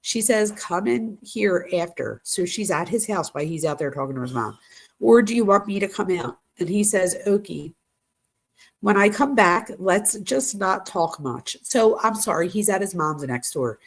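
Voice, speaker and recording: A woman's voice: medium pitch, animated, moderate pace, vocal fry. A woman hosting a true crime channel, reading text messages aloud in a casual way, talking straight to her viewers and reacting as she goes. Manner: casual, addresses viewers directly, reacts to what she reads. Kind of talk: reading texts aloud with commentary.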